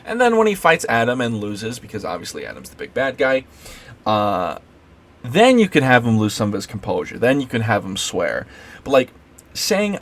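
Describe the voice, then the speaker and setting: A man's voice: mid-range voice, fairly bright tone. A man giving an unscripted late-night rant as a video creator, rambling with many fillers and restarts.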